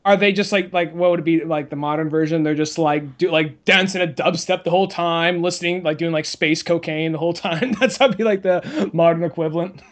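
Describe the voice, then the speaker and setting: A man co-hosting a podcast in relaxed casual chat, heavy on fillers and casually profane. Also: fairly high pitch, brisk, few pauses. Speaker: podcast co-host.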